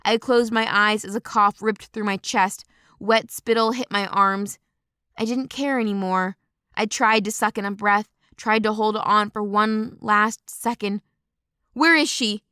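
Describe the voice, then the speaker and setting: A woman reading a novel aloud in first person, measured and expressive. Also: medium pitch, clear, resonant tone, no echo, clean studio sound. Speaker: audiobook narrator. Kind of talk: scripted first-person narration.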